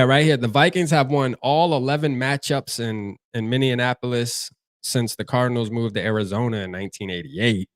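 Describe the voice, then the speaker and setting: A young livestream host with a Charleston, South Carolina accent talks casually, using slang and repeating himself, while reading chat comments aloud. His voice sits at a middle pitch for a man and sounds close and dry, and the recording is dry.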